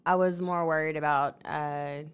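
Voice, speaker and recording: A woman, a podcast guest in casual chat, soft-spoken and giving brief, plain answers. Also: sits low, fairly even intonation, normal speed, clear, resonant tone.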